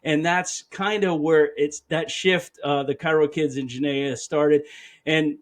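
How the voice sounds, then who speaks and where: A chiropractor in his fifties speaks in a fairly high voice with fairly even intonation, taking his time. Answering an interview question, he recounts a personal story earnestly and emotionally, frequently quoting himself.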